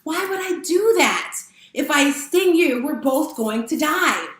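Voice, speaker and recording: A woman's voice: high-pitched, animated, a little slow, a bit bright, voice pushed up. Storytelling scorpion: manipulative, coaxing and persuasive, put on by a woman narrator. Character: sly, manipulative male scorpion. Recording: roomy echo.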